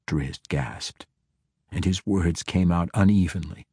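A man narrating a fantasy audiobook in a measured, steady storytelling voice. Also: sits low, husky, no room sound, clean studio sound.

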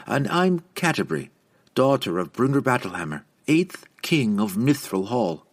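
A man's voice: medium pitch, big pitch swings, moderate pace, voice pushed up. A man reading aloud and voicing a plucky young woman adventurer raised among dwarves, speaking in a folksy old-fashioned dialect in an audiobook. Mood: proud.

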